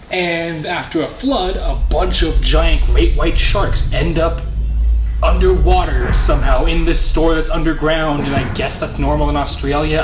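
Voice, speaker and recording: A man's voice: a little high, reverberant, background noise. A man from Canada hosting a casual movie review, rambling and correcting himself with jokey asides.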